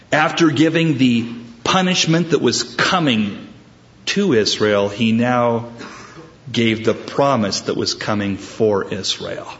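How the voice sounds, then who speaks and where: A man's voice: mid-range voice, fairly bright tone. Conversational male preacher, lo-fi. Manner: conversational, with repeated restarts. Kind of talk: sermon.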